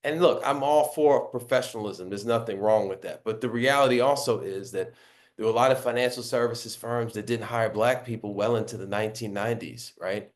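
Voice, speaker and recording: A man with a baritone voice answers as the interview guest. He explains his points earnestly and often tags his sentences with "right?". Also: brisk. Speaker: author and guest.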